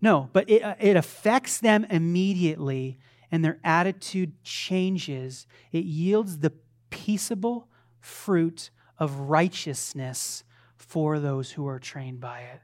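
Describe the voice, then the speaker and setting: A fervent pastor delivers a sermon in a fairly high, slow voice that rises and falls. He alternates between loud, impassioned preaching and soft conversational asides, playfully acting out his children's voices when quoting them.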